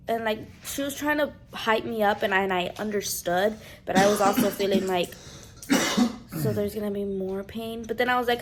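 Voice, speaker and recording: Chatting casually in a home vlog, a young woman with a medium-pitched voice shares a personal story. She's animated, quoting other people in playful voices. A little hiss or hum is audible.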